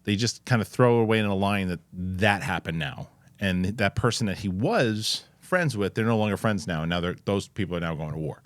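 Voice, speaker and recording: A man with a fairly low voice rambles animatedly through his points, stopping and restarting as ideas tumble out. The sound is dry and close, with no room echo. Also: animated, fairly quick, few pauses. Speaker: host. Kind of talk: casual chat.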